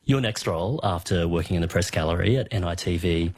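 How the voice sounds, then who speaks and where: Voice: sits low, fast talker, darkish tone. An interviewer, asking questions and reacting with enthusiasm. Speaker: podcast host, interviewer.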